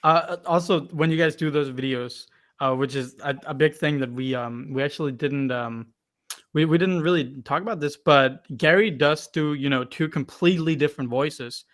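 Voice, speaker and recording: Halting male host asking questions. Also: fairly high pitch, a bit bright. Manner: halting, many fillers, asks long questions. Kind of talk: casual live-stream Q&A.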